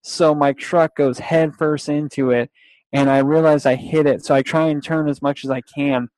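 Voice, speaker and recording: A man's voice: a little high, steady tone, normal speed, a little mellow, no echo. Rambling young man telling a story. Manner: rambling, with restarts, laughs and acted-out quotes. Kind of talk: casual storytelling.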